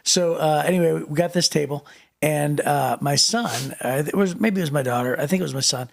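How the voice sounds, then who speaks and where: Male co-host, casual and rambling, with a touch of vocal fry. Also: fairly high pitch, a little fast. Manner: rambling, restarts, many fillers. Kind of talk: casual chat.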